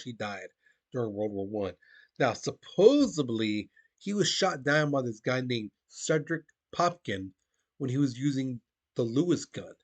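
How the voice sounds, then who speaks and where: A male history teacher giving a casual, conversational classroom lecture, talking to his students as "guys". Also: mid-range voice. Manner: conversational, addresses listeners as "guys", frequent restarts.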